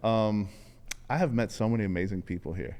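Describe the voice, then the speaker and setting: A man's voice: on the low side, brisk, darkish tone, in a large hall. A man hosting a podcast, talking in a laid-back, chatty way and swearing casually. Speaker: podcast host.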